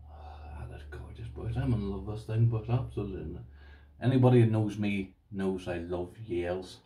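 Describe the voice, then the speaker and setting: A deep-voiced Irish man with a warm, mellow tone chats on his vlog, gushing over and over and calling his viewers "boys". His voice sits a little back from the mic, so it sounds somewhat distant. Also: moderate pace. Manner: gushing, repeats himself, addresses viewers as "boys". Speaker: lockpicking vlogger. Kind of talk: casual excited unboxing chat.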